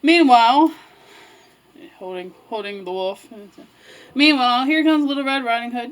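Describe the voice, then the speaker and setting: A woman's voice: fairly high pitch, normal speed, long pauses, rough recording. A woman practising a lesson by telling a children's story in a chatty, casual way, breaking off for asides. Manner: chatty, self-interrupting, with asides and laughs. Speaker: student teacher telling a story. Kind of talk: casual read-aloud storytelling.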